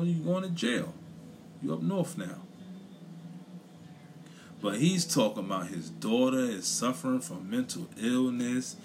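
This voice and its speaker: A young commentator from Brooklyn, New York, with a fairly high voice launches into a blunt, profane opinion rant during casual chat, repeating his points for emphasis. There's noise in the background.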